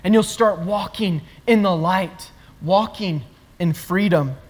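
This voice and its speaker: Pastor delivering a sermon, earnest and emphatic, mid-pitched voice ringing with long hall reverb. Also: takes it slowly. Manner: earnest, repetitive emphatic phrasing.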